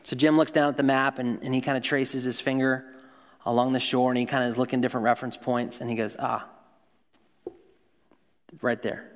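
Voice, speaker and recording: Conversational pastor in a reverberant hall. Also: male voice, medium pitch, level tone, fast talker. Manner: conversational, acts out the story's dialogue in quiet voices. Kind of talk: sermon storytelling.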